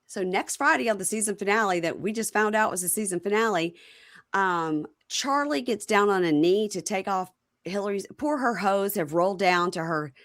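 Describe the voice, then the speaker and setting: A woman podcast host casually recapping a reality TV episode, telling it as an animated story and acting out what people said. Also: mid-range voice, moderate pace.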